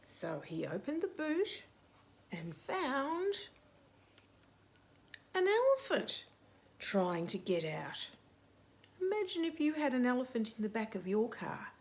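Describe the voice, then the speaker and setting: A woman's voice: medium pitch, sing-song, measured pace, creaky, a little mellow. A middle-aged woman hosting story time, reading a picture book aloud to children with dramatic whispers and playful sound effects.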